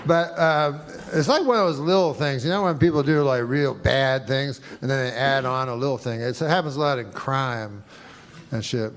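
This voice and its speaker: A man performing a stand-up routine on a comedy club stage, rambling slowly and swearing crudely. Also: mid-range voice. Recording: noisy live club recording.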